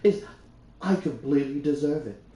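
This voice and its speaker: A man's voice: fairly high pitch, animated, normal speed, dark tone. A young Australian man casually reading and retelling a book, rambling with lots of fillers and restarts. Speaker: YouTuber reading a book aloud. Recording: roomy echo.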